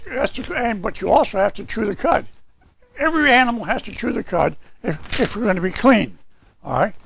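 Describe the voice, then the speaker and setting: A man's voice: very high voice, creaky, fairly bright tone, slightly rough. A male pastor preaching a sermon, emphatic and repeating his key phrases.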